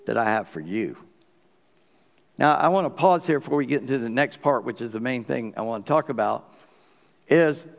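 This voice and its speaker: A man's voice: mid-range voice, creaky. A man preaching a sermon as pastor, in a conversational, folksy way with asides to the congregation. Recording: long hall reverb.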